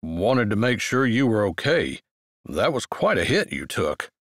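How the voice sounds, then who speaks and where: A man's voice: fairly low pitch, big pitch swings, measured pace, a bit bright, no room sound, clean studio sound, full character voice. A man voicing a tall, laid-back rural man who talks in an easy, amused drawl. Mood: easygoing.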